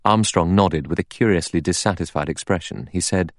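A man narrating an audiobook in a measured, steady reading. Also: sits low, no echo, clean studio sound. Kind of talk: scripted narration.

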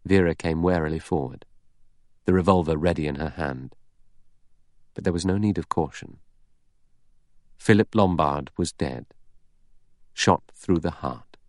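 A man narrating an audiobook in a measured, dramatic reading style. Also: sits low, a little mellow, no echo, clean studio sound. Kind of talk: scripted narration.

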